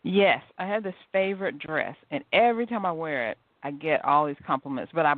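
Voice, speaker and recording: A woman's voice: deep voice, animated, fairly quick, dry recording. A woman hosting a podcast interview, chatty and enthusiastic, laughing often. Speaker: podcast host. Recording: dry phone-line audio.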